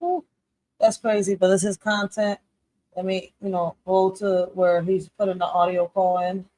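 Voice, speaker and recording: A co-host talks to viewers in a casual, animated way, calling them y'all. The voice sits at a middle pitch and sounds dry and close to the mic. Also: moderate pace, no echo. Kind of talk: casual livestream commentary.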